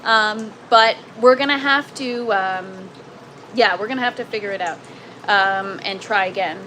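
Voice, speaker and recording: A Canadian woman casually hosts a gardening livestream from an indoor grow tent, chatting, poking fun at herself, and reading out viewer comments as she answers them. Her medium-pitched voice is pushed and bright, with a measured pace. The rough recording carries slight background noise.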